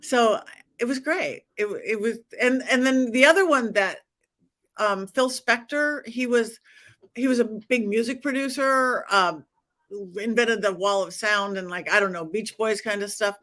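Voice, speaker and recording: A woman's voice: on the high side, measured pace, fairly bright tone. A middle-aged woman, a psychic medium guest, telling stories in a casual interview, acting out dialogue and laughing often.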